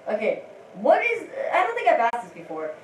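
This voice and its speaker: A woman's voice: a little high, wildly swooping pitch, brisk. A woman giving rambling, giggly commentary while playing a video game. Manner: rambling and giggly, with many restarts. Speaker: gameplay commentator. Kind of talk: casual let's-play commentary. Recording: roomy, distant mic, faint background noise.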